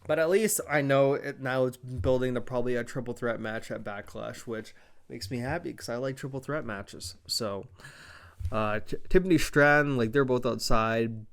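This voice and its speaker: A man's voice: medium pitch, normal speed, vocal fry. A man hosting a podcast, recapping a wrestling show in a rambling, offhand way with a lot of swearing. His mouth is dry. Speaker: podcast host.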